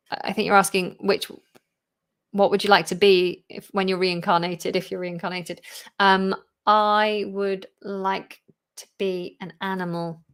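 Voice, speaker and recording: A woman's voice: mid-range voice, fairly bright tone, smooth. Woman, live Q&A host, chatty, laughs often, a bit tired. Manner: chatty, laughs often, reads viewer questions aloud. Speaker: English teacher and channel host.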